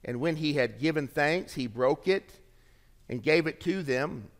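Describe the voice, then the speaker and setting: A man preaching a sermon as pastor, swinging from emphatic lines to hushed, low endings. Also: measured pace. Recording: long reverb of a large hall.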